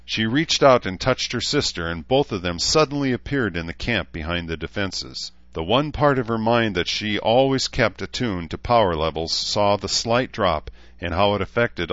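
A man narrating a fantasy audiobook in a steady storytelling manner. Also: sits low, moderate pace, few pauses, dry recording, dull audio.

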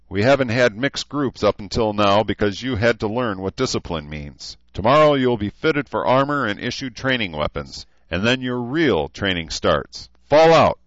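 A hard-nosed drill instructor barks orders at recruits in a low voice, as a male narrator puts him on. The sound is dull and lo-fi, close and dry. It is a spoken audiobook scene. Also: no room sound, close to an everyday voice. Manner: barking orders, stern.

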